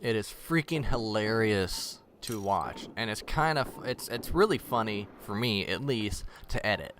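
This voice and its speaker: A man's voice: lowish voice, lively intonation, unhurried, a bit bright, a little hiss or hum. A man rambling casually in a vlog, blunt and swearing freely. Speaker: vlogger.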